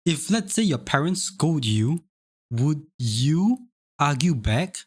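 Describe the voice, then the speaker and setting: A man's voice: on the high side, very animated, slow pace. A young man streaming live, chatting casually with lots of stammered restarts and laughter. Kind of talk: casual chat.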